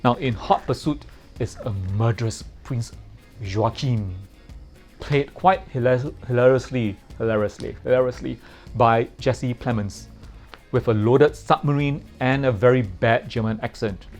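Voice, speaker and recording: A man's voice: mid-range voice, a little slow, darkish tone, faint music behind. A man giving a casual spoken film review in a playful way, repeating words for comic effect.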